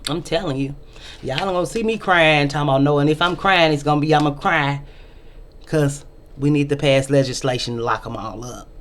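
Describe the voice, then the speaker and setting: A woman's voice: low voice, brisk, a little hiss or hum. Middle-aged woman, vlog host, emphatic rant, repeats herself for effect, casual opinion talk.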